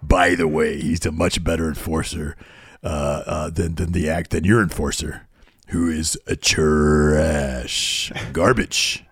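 A man doing an impression of a cocky, gruff middle-aged wrestling executive who boasts and tosses crude put-downs. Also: rumbling low, steady tone, slow pace, no room sound, clean studio sound, pitched below the performer's own voice, full character voice. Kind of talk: comedy impression sketch.

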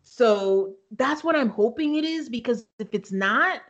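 Woman podcast co-host, chatty, laughs a lot, somewhat high voice. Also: animated, unhurried, highs cut off. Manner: chatty, laughs often, quotes people in her retelling. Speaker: podcast co-host recapping a reality show. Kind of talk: casual chat.

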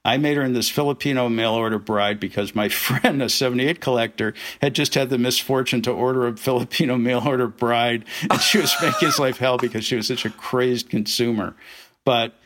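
A man's voice: medium pitch, fairly quick. A man, a film director, telling anecdotes as a guest in a casual interview. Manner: animated anecdotes with acted-out quotes.

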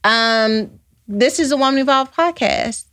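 A woman with a fairly high voice hosts a live podcast stream. She chats casually and reads viewer comments aloud. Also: a little slow, a bit bright. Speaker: podcast host.

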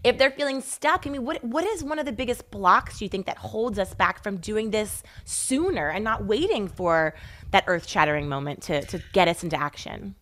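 A woman hosting a podcast interview, telling stories in an animated, emphatic way. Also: mid-range voice, moderate pace. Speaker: podcast host. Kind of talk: casual interview chat.

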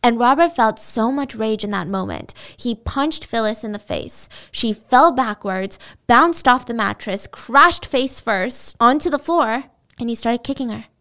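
A woman's voice: a little high, lively intonation, measured pace, fairly bright tone. Chatty, blunt woman storyteller. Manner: chatty, blunt, swears, lots of "like". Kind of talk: casual true-crime retelling.

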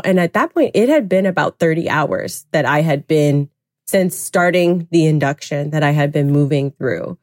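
Low-voiced woman telling a personal story. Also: moderate pace, a little mellow, no echo, studio quality. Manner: candid, reflective, heavy use of "like". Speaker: podcast guest. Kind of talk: personal storytelling in a podcast interview.

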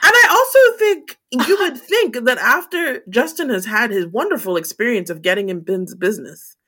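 A woman's voice: a little high, expressive, moderate pace, bright, forceful tone. A woman co-hosting a podcast, laughing and exasperated as she comments on a reality show. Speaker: podcast co-host. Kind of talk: casual recap chat.

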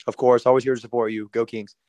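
A man's voice: mid-range voice, level tone, darkish tone, dry recording. Male sports fan caller, stumbling casual chat, dry. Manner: halting, full of restarts and fillers.

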